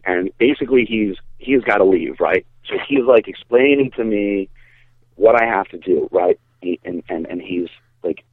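A man telling a long story in casual podcast talk, animated, swearing and acting out what people said. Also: lowish voice, moderate pace, breathy edge, no echo. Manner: animated, swearing, acts out quotes. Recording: dry, phone-like narrow sound.

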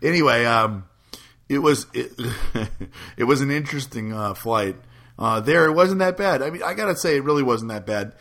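A man's voice: mid-range voice, lively intonation, normal speed, fairly bright tone. A man chatting casually as a podcast host, telling a rambling story with many restarts and frequent laughs. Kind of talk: casual chat.

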